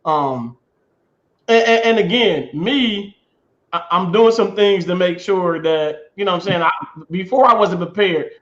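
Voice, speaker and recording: Midwest guy cohosting a chat, fairly high voice, echoey muffled room. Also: a little slow. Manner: animated storytelling, repeats himself, laughs. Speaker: podcast co-host. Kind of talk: casual chat.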